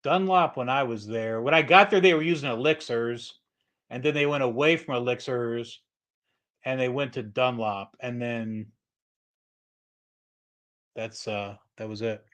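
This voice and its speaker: A man's voice: mid-range voice, measured pace, pauses often, fairly bright tone. Rambling middle-aged man hosting a livestream. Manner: rambling, full of fillers and restarts. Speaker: livestream host, guitar tech. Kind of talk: casual livestream chat.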